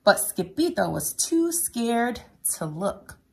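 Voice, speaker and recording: A woman reading a children's picture book aloud at home, lively and playful, with a sing-song delivery. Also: a little high, slow, vocal fry, breathy edge.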